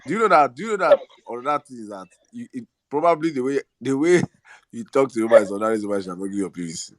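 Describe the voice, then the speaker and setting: A man's voice: medium pitch, lively intonation, very fast, no echo. A man in casual chat, teasing and interrupting to start his own story.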